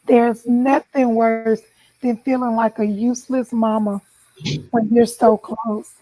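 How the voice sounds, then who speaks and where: A woman gives an emotional personal testimony in a warm, mellow voice pitched slightly high. She moves from tender reassurance to urgent pleading and draws her listeners in directly. The sound is dry and close, with no room echo. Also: flat delivery, slow. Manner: heartfelt, tender, rising to pleading intensity; addresses listeners with "y'all". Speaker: guest sharing a personal testimony.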